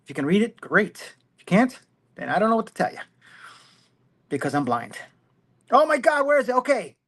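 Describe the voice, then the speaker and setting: A man's voice: sits high, sing-song, a little fast, fairly bright tone. A middle-aged man hosting a casual commentary livestream from his phone, rambling and self-mocking, laughing often. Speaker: host.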